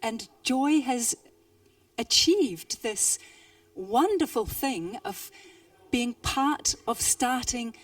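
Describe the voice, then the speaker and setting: A woman's voice: on the high side, distant mic. Enthusiastic New woman moderator. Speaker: interview moderator. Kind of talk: stage interview. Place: stage at a book fair.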